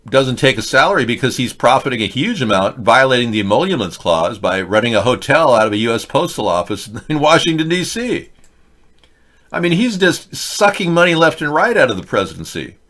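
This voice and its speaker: A man's voice: mid-range voice, animated, normal speed, fairly bright tone. A man hosting a casual political commentary livestream, reading chat with rambling, sarcastic asides.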